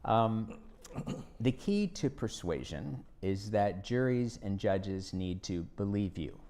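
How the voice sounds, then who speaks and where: Low, dark-voiced man telling stories. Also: lively intonation, slow pace. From United States. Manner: folksy anecdotal storytelling with acted quotes. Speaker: guest speaker, former congressman. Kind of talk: storytelling talk on stage. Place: university event hall.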